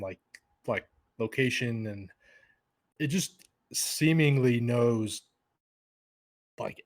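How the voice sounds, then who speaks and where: A young man talking as a guest on a casual podcast. His voice sits at an ordinary middle pitch, and he rambles along with plenty of fillers and restarts.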